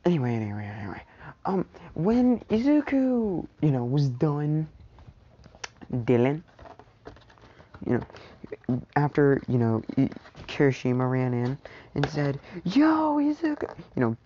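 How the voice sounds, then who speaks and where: Woman, very low voice with a lively swing, casual rambling storyteller at home, muffled recording with light noise. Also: unhurried, long pauses. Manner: rambling, full of "you know" and "anyway". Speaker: storyteller vlogger. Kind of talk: casual fan-story narration. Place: at home with family around.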